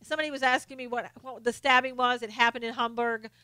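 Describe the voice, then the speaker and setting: A woman hosts a political commentary live stream and gives blunt, scolding opinions point by point. Her voice is higher than most, bright and forceful, with a smooth, crisp clarity. The recording is dry, with no room sound. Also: fairly even intonation, fast talker, no echo. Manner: blunt and opinionated, answers viewer comments by name; scolding, lists points one by one.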